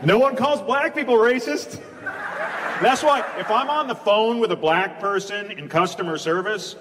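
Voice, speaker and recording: A man's voice: sits high, moderate pace. A man doing stand-up comedy and crowd work on a club stage, brash and teasing. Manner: brash, teasing, shifts into mock voices for bits. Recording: echoey club with loud crowd noise.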